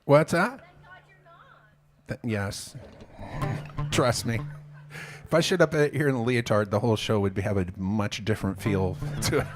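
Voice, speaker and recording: A man's voice: fairly low pitch, a little slow, long pauses, noisy background. A man who is a singer-songwriter, joking around between lines of a song on a venue stage, profane and self-mocking. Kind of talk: live concert banter and singing. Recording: live band playing behind.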